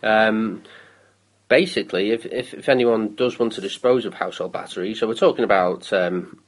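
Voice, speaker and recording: A man's voice: lowish voice, moderate pace, rough recording. A man in his thirties from the UK, chatting on a local show about council recycling with many ums and restarts. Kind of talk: casual radio chat.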